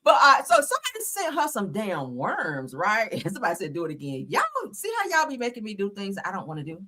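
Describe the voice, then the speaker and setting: A woman's voice: medium pitch, huge pitch swings. A woman hosting a casual gossip commentary show, sassy and laughing, reading people down with slang. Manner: loud, sassy, laughing, drawn-out mock singing. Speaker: commentary channel host.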